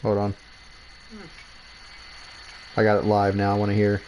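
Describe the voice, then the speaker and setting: A man's voice: on the low side, completely flat delivery, measured pace, a little mellow, a little hiss or hum. A man hosting a casual livestream, talking loosely and often repeating words and restarting sentences. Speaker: streamer host.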